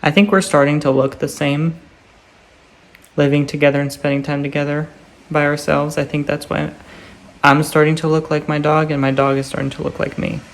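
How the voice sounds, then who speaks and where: A man's voice: fairly high pitch, flat delivery, normal speed, creaky. A man vlogging casually at home, chatting to the viewer and cooing at his pets in baby talk. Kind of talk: casual follow-me-around vlog. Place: indoors at home, office area.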